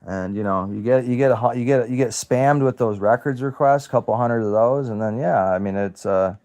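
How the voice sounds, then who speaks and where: A man's voice: mid-range voice, normal speed, few pauses, darkish tone. A man in his thirties from the United States, ranting to camera, profane and sarcastic, often repeating himself and trailing off. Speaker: self-represented litigant. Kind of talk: angry direct-to-camera rant.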